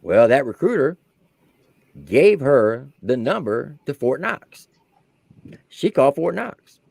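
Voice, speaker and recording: A man in his forties, an army veteran, telling a profane comic story with animated swings between low asides and loud punchlines. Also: takes it slowly, vocal fry, breathy edge, dry recording.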